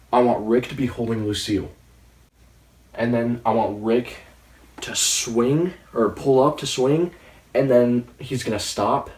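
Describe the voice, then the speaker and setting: A man in his late teens giving a casual, excitable, rambling review of a TV episode. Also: on the low side. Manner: excitable, rambling, with frequent restarts. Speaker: movie reviewer. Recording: roomy sound, distant from the mic.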